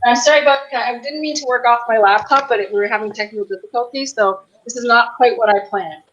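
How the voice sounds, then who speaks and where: A woman's voice: a little high, fast talker, a bit bright, highs cut off. A woman from Canada making a dish on a casual video call, casual, apologetic and giggly. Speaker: guest cook. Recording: laptop mic with faint background noise.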